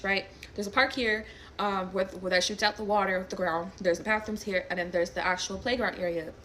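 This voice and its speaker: A young woman casually telling a personal story to camera, animated and blunt, swearing freely. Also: lowish voice, slight background noise. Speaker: storyteller recounting a personal incident.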